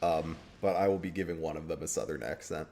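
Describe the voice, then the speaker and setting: A man's voice: very deep voice, fast, vocal fry, warm tone. Rambling young man streaming a game. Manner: rambling, trailing off with fillers. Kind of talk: casual stream chat.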